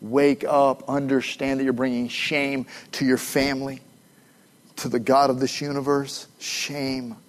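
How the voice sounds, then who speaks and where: A middle-aged male pastor preaching a sermon in an emphatic, animated way, with playful asides to his congregation. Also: mid-range voice, measured pace.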